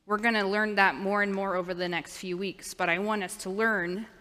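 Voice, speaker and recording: A woman's voice: mid-range voice, fairly even intonation, moderate pace, bright, forceful tone. A woman leading a children's sermon in a church, patiently coaching the children to repeat after her. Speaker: children's minister. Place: church sanctuary. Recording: long reverb of a church hall.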